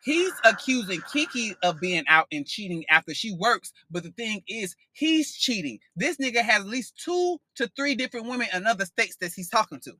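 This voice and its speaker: A man with a fairly high, bright and forceful voice gives a casual tarot reading. He is sassy and expressive and swears freely. The sound is dry and close, with no room around it. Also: moderate pace, few pauses, no echo. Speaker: tarot reader.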